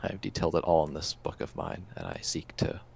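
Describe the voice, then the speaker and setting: An earnest adventurer, played by a man with a very low, gravelly voice. He speaks haltingly, often restarting his sentences as he explains what he is searching for. The scene is in-character role-play in a tabletop game. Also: a little hiss or hum. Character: earnest male adventurer chasing a legend.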